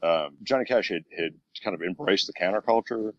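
A man's voice: fairly low pitch, brisk, no room sound. A man with a Southern US accent in casual chat, hesitant and laughing often. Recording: dry, dull lo-fi sound.

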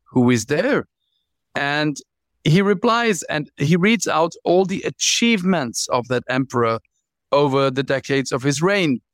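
A man guest author telling stories in an interview, animated, often restarting and repeating words. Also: medium pitch, smooth, dry recording. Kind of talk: interview storytelling.

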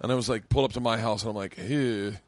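A man's voice: fairly low pitch, fairly even intonation, rapid-fire, dry recording. A man hosting a podcast, chatting casually, swearing and laughing often. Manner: loose, swearing, laughs a lot. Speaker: podcast host.

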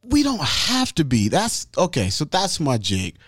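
A man hosting a casual chat, animated and profane, acting out what others say. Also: a little high, measured pace, husky, no room sound, clean studio sound. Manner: animated, profane, acts out quotes.

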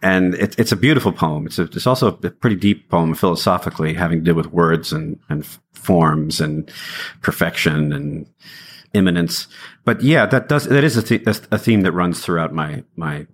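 A man's voice: sits low, moderate pace, slightly rough. A middle-aged singer-songwriter talking in a thoughtful, conversational way as an interview guest, laughing easily and restarting his phrases.

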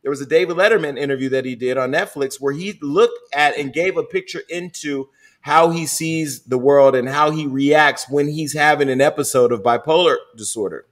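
A man's voice: fairly high pitch, normal speed, fairly bright tone. A middle-aged man hosting a podcast, talking bluntly and with plenty of swearing in candid casual chat. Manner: blunt, profane, storytelling. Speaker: podcast host.

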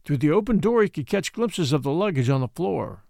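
A man reading a classic novel aloud in measured storytelling style. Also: a little high, animated, creaky, a little mellow, no room sound, clean studio sound. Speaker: audiobook reader.

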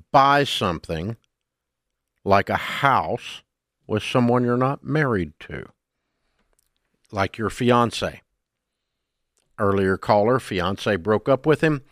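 A man's voice: on the low side, a bit bright, no room sound. An older man with a Southern drawl hosts a radio talk show and delivers a blunt, scolding rant on a close studio mic. His voice is dry and close, with no room around it.

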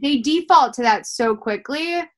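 A woman's voice: high voice, animated, unhurried. A woman in casual conversation, asking rambling, curious questions with many fillers. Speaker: podcast co-host. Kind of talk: casual chat.

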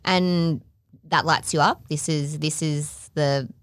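A woman hosting a podcast, chatting casually, swearing freely and chiming in with quick agreement. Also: sits low, steady tone, clean tone, no room sound. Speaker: podcast host.

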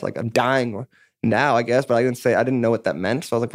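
A man's voice: mid-range voice, racing, no room sound, studio quality. A man of about thirty, a musician guest in a casual interview, telling his story candidly and rambling, with plenty of "like" and swearing. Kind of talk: casual podcast interview chat.

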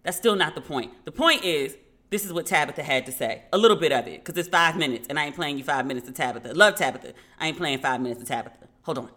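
A woman's voice: deep voice, expressive, pushed and bright. Chatty salty woman podcast host. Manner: chatty, salty, quick asides and laughs. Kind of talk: casual pop-culture commentary.

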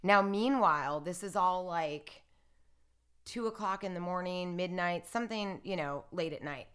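Speaking at an even, measured pace, a woman with a somewhat low, resonant and clear voice shares a personal anecdote as an interview guest. She animates the story by impersonating others, with "like" and "I'm like" cropping up constantly.

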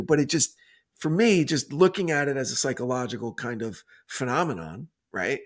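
A man's voice: fairly high pitch, fast. Rambling male podcast co-host. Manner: rambling, restarts, animated retelling. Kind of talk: casual chat.

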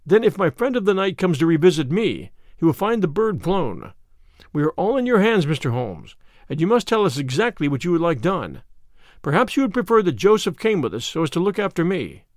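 A man reading aloud, voicing an earnest, courteous young gentleman in a classic detective story. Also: fairly high pitch, very animated, brisk, no room sound, clean studio sound. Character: young man, unwell, eager, polite gentleman.

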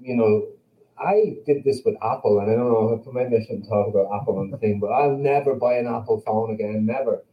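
A man's voice: medium pitch, fairly quick. A man from Ireland with an Irish accent, a band member talking as a guest in a blunt, profane, confident way. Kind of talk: casual interview chat. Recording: slightly dull, lo-fi sound.

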